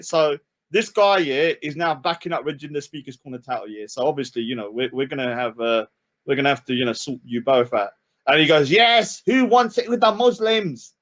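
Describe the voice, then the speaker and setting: Loud mocking man with a high voice. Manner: loud, mocking, swings between shouting and muttering. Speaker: live-stream host. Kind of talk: ranting live-stream commentary.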